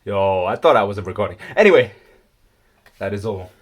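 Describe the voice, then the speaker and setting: A man's voice: expressive, moderate pace. A young man casually retelling a story in his vlog, rambling and slangy, full of ums and restarts. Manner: puts on squeaky high voices for quoted characters. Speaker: vlogger.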